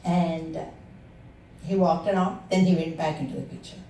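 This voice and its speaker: Woman in her 60s, somewhat low voice, earnest personal storytelling, distant mic, echoey room. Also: fairly even intonation, normal speed, warm tone, a little hiss or hum. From India. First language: Telugu. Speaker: satsang speaker. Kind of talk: devotional testimony to a gathering. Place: meeting hall of a spiritual center. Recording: roomy sound from far off the mic.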